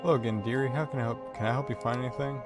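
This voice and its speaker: A man's voice: medium pitch, fairly even intonation, rapid-fire, over loud music, lightly acted. A man voicing a fussy, prim older female librarian who sweetly evades questions and calls people dearie, in a narrated text game.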